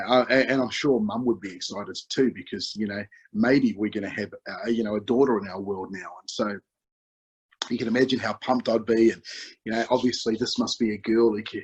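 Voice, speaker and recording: A man's voice: lowish voice, husky, rough recording. A man from New Zealand with a New Zealand accent, preaching a chatty, story-led sermon full of 'you know' fillers. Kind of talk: conversational sermon.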